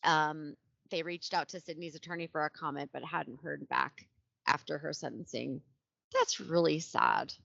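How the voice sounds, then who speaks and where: A woman co-hosting a casual true crime podcast, reading case details aloud with blunt, animated asides. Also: low-pitched, normal speed, vocal fry, dry recording. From Ohio. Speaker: podcast co-host. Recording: dull lo-fi sound.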